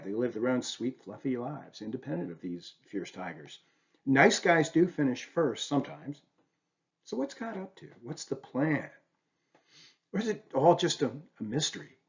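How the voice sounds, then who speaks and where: This lo-fi clip captures a male literature lecturer with a mid-range, somewhat dark voice. Discussing poetry in a university lecture, he leans on rhetorical questions and frequent "right?" checks.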